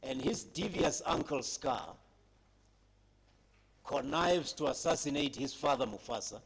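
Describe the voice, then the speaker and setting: Brief: male conference speaker, dramatic storyteller, high lively pitch, husky tone. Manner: dramatic retelling with emphatic pauses, addressing young people. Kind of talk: public speech, storytelling.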